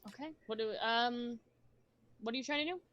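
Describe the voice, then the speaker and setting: A woman's voice: fairly high pitch, a little fast, muffled recording, background noise. A woman acting as game master for a tabletop role-play, explaining rules and outcomes in an easygoing way.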